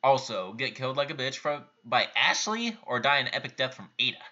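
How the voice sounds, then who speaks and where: Bright-voiced young man, offhand and blunt. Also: medium pitch, animated, a little fast, lo-fi sound. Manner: offhand, reads out questions and answers bluntly. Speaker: YouTube channel host answering viewer questions. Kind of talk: casual live-stream Q&A.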